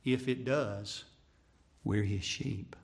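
A man preaching a sermon, swinging from hushed, drawn-out phrases to loud, pressing repetition. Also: on the low side, steady tone, gravelly. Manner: dramatic, swings from hushed to shouting, repeats phrases.

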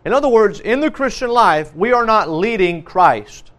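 A man's voice: high-pitched, expressive, normal speed, fairly bright tone. A man preaching a sermon, earnest, repeating key phrases with frequent restarts and fillers.

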